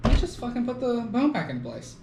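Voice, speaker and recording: A podcast host with a very high voice talks briskly, his pitch swinging hugely as he chats casually. He laughs often and drops the occasional swear word. Faint noise and echo fill the room.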